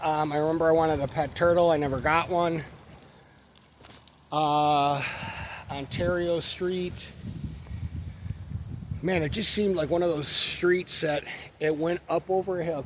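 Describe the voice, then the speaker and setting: A man's voice: fairly high pitch, fairly even intonation, measured pace, long pauses. A man, rambling casually through childhood stories, swearing freely as he walks his dog outdoors. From Western New York. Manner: profane, meandering, laid-back. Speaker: vlogger. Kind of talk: rambling personal storytelling. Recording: traffic noise behind.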